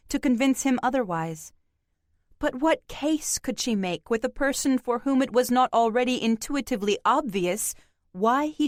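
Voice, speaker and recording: A woman narrating an audiobook in an even, measured reading. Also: fairly high pitch, no echo, studio quality. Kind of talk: scripted narration.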